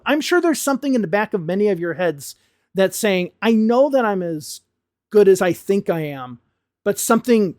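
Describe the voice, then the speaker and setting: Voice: mid-range voice, no room sound, clean studio sound. An American English teacher of about fifty, giving an emphatic, passionate lesson straight to camera and swearing bluntly now and then. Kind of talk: direct-to-camera lesson rant.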